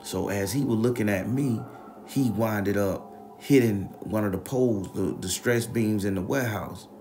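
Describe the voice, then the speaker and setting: A man telling a story in a casual, animated, profane, slang-heavy way. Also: fairly low pitch, normal speed, faint music behind.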